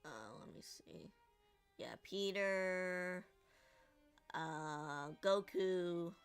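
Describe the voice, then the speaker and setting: Slow-talking giggly woman streamer. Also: lowish voice, clear, resonant tone, faint music behind. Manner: giggly, rambling. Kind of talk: live game stream commentary.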